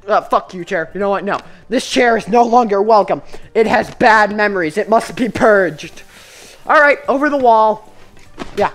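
A woman's voice: mid-range voice, expressive, measured pace, soft background music. A woman giving comedic, profane commentary while playing a VR game and chatting with its characters. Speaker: gamer.

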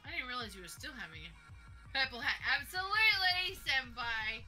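A woman with a piercingly bright, sharp voice swoops up and down in lively, animated chat. She is playful and exclamatory while co-streaming a game, sitting a touch above average pitch. Faint music hums behind her. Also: fast talker. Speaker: guest co-streamer. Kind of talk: casual chat during a live game stream.

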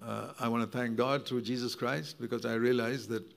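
A man's voice: mid-range voice, steady tone, normal speed, vocal fry. A man preaching a sermon in an earnest, conversational way, often asking his listeners questions.

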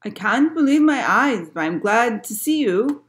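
A woman reading a picture book aloud, voicing a bold sea captain who calls out his lines loudly. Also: a little high, expressive, a little slow, echoey room, pitched above the performer's own voice. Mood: urgent. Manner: loud, calling out. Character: bold sea captain, man, urgent and helpful.

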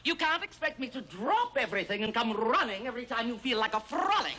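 A woman's voice: fairly high pitch, big pitch swings, fast talker. An actress playing a domineering, vain queen who talks in a huffy, theatrical way. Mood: imperious. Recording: loud hiss on an old TV recording.

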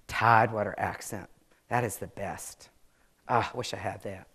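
Answering audience questions at a live author event, a Maryland woman with a Southern American accent is chatty, frank and quick to laugh. Her bass voice is husky and a little bright, with fairly even intonation at a normal speed.

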